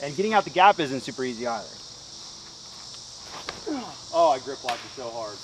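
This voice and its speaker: A man's voice: medium pitch, animated, moderate pace, background noise. A man talking casually as he plays a disc golf course outdoors, chatty, upbeat and self-deprecating, explaining each shot. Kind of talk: casual play-by-play commentary while playing.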